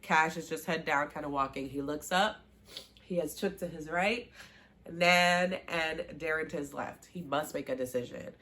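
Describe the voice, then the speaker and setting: A woman recapping a TV season in a casual, animated way, acting out the characters' lines and gushing over favorite scenes. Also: deep voice, moderate pace. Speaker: show recap vlogger.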